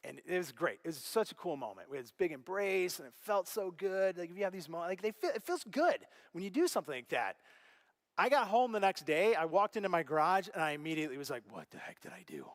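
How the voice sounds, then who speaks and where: A middle-aged male pastor preaches a sermon in a church auditorium, a large hall, telling stories with animated delivery. He acts out quoted voices and swings widely from loud to hushed and back. His voice sits high and he talks fast.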